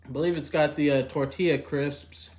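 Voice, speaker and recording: A young man talking casually about fast food in an eating vlog. He rambles, fills pauses with "like" and "kinda", and talks while eating. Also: a little high, steady tone. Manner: rambling, filler-heavy, drifting softer and louder. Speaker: food vlogger.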